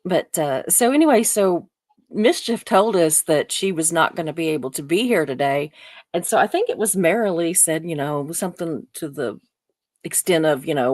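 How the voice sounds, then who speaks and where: A woman's voice: lowish voice, lively intonation, normal speed, a little mellow, dry recording, clean studio sound. A woman, probably in her fifties, hosting a casual live stream, chatting and rambling with viewers and laughing often.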